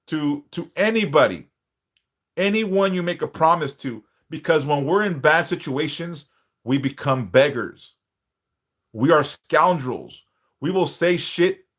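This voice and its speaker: A man's voice: a little high, a bit bright. A man hosting a live stream, lecturing bluntly and profanely, driving his points home with repetition and rhetorical questions. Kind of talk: unscripted live-stream monologue.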